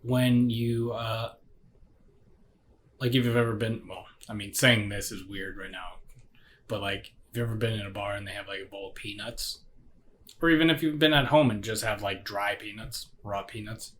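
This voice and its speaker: A man's voice: on the low side, fairly even intonation, normal speed, fairly bright tone. A man in a casual tasting chat, reviewing a beer while he rambles and searches for words.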